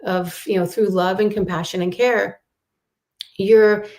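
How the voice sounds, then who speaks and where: Woman guest, soothing spiritual tone, mid pitch. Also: fairly even intonation, darkish tone. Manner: slow, soothing spiritual talk. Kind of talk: casual chat.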